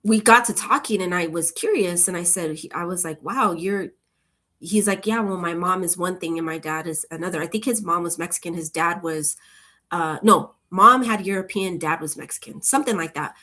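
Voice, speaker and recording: A woman chatting casually with her viewers, rambling from one thought to the next in a relaxed, upbeat way. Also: on the low side, moderate pace. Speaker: channel host.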